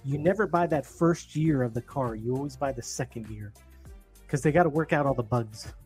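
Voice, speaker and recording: A man's voice: medium pitch, moderate pace, darkish tone, slightly rough, faint music behind. A man co-hosting a casual news podcast, chatting and joking with his partner. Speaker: podcast co-host.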